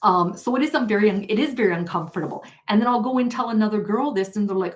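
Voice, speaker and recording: A woman's voice: medium pitch, fast. A woman hosting a tarot live stream, telling a story in a casual, chatty way and often laughing as she reads viewer comments. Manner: chatty, laughs often, many fillers and restarts.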